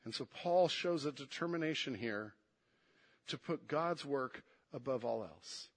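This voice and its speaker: A man preaching a sermon, moving between hushed and emphatic delivery and repeating words to press his points. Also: medium pitch, lively intonation, unhurried.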